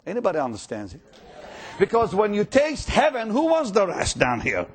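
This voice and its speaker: A man preaching a sermon with strong emotion, swinging between loud, urgent passages and hushed ones, stammering over repeated words when moved. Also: sits high, huge pitch swings, normal speed. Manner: stammering repetitions when stirred; acts out quoted voices.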